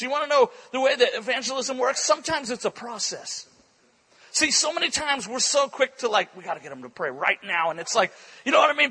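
A male preacher telling a story in an animated, excitable sermon at a church conference, breaking into bursts of shouting. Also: very high voice, husky, rough recording.

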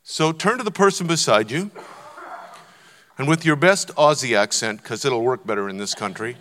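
A man's voice: mid-range voice, animated, normal speed, fairly bright tone. An older man preaching a sermon to a congregation, conversational and emphatic, urging them on. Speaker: guest preacher. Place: church auditorium. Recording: long church hall reverb.

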